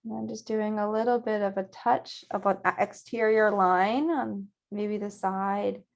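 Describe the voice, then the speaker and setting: A woman teaching a virtual painting class, guiding students gently step by step at a close mic. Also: medium pitch, fairly even intonation, a little slow, vocal fry. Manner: gentle, encouraging step-by-step guidance. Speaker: painting instructor.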